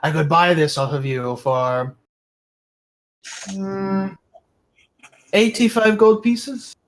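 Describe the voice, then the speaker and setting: A man voicing a shrewd little male kobold jewel merchant who haggles with smooth, mock-courteous politeness. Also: high-pitched, steady tone, takes it slowly, fairly bright tone, voice pushed up. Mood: sly.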